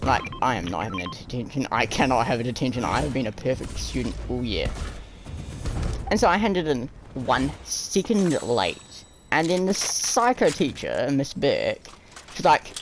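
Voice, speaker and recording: Animated young man telling school stories. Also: normal speed, a little hiss or hum, low-quality recording. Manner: animated, jumps high and low for quoted people; rambling, many "like" and "um" fillers. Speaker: storyteller. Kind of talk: casual storytime narration.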